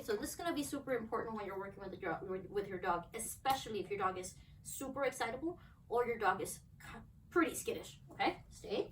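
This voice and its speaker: A woman dog trainer at home explaining a demo and praising her dogs in upbeat bursts. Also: on the high side. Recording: voice from a distance, faint background noise.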